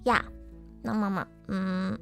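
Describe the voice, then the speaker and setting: A woman's voice: mid-range voice, steady tone, slow pace, creaky, soft background music. A young adult woman voice actress chatting casually on a live stream, bubbly and giggly, gushing with enthusiasm.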